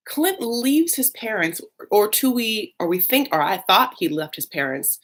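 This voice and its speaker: A woman's voice: mid-range voice, lively intonation, a little slow, few pauses, a bit bright. Chatty gossipy woman recapping TV. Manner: chatty, gossipy, full of fillers and asides. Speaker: reality TV recap host. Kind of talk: casual comic recap.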